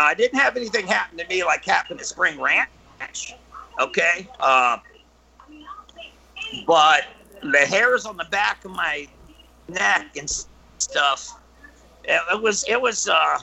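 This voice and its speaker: High, gravelly, breathy-voiced man. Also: a little hiss or hum, low-quality recording. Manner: halting, many fillers and restarts, animated when telling stories. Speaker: guest. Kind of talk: storytelling in casual chat.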